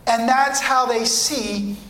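A man preaches to his congregation, pressing his points with insistent repetition. His voice sits very high and rings bright. The sound carries the echo of a church room. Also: fairly even intonation, slow pace, slight background noise. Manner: emphatic, repetitive preaching cadence. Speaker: pastor. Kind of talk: sermon.

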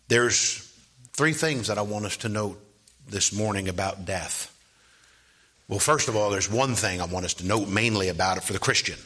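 A man preaching a sermon, moving from quiet asides to loud, rising preaching and asking "Amen?". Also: lowish voice, husky.

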